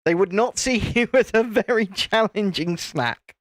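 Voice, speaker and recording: A man's voice: sits high, unhurried, no echo, studio quality. A British man hosting a livestream, chatting casually with viewers while he builds, and laughing often. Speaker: livestream host.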